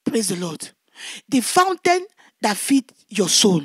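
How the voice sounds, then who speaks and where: A woman evangelist telling a testimony in fervent preaching, shouting her prayers and recounting events vividly. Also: mid-range voice, sing-song, takes it slowly, breathy edge, no echo, clean studio sound.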